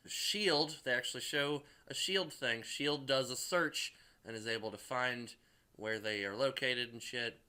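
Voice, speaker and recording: A man's voice: medium pitch, measured pace, sharp tone, smooth. A man casually recapping a movie in a rambling way, packed with filler words and swearing. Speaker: movie reviewer.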